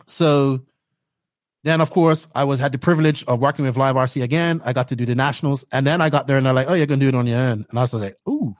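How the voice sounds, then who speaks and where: A young man from Bermuda telling stories as a podcast guest, excitable and animated as he acts out his own reactions. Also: mid-range voice, fast, dry recording, studio quality. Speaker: podcast guest, race commentator. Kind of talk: casual interview storytelling.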